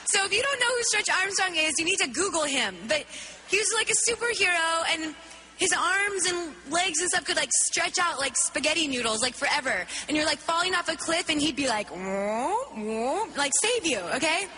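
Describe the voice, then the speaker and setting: A woman giving an animated spoken testimony, acting out her own reactions as she tells the story. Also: very high voice, brisk, long reverb tail, a little hiss or hum. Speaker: worship leader telling a testimony.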